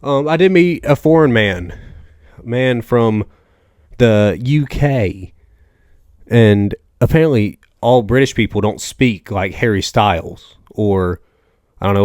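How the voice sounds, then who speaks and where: Low-voiced southern guy in his 20s rambling through stories on his podcast, dead dry sound. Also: no room sound. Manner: rambling, joking storyteller with restarts and asides. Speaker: podcast host. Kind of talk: casual solo podcast chat.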